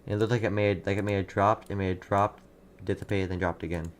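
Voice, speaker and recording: A man's voice: low-pitched, steady tone, fast, clean tone. A man hosting a live severe weather stream, giving urgent, repetitive warnings and answering viewers' chat. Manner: urgent, repeats himself, reads chat. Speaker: livestream weather host.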